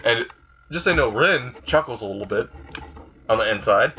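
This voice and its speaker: A man's voice: medium pitch, lively intonation, moderate pace, bright, forceful tone. A man casually retelling a fan what-if story in a rambling, crude way. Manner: rambling, crude, laughs at his own plot. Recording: slightly dull recording with faint hiss.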